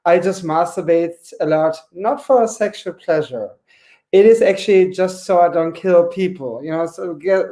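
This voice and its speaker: A man's voice: fairly high pitch, a little mellow. Campy man in his forties doing stand-up. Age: 40s. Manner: campy, chatty, lots of filler "you know". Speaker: stand-up comedian. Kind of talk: online stand-up set. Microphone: home webcam mic.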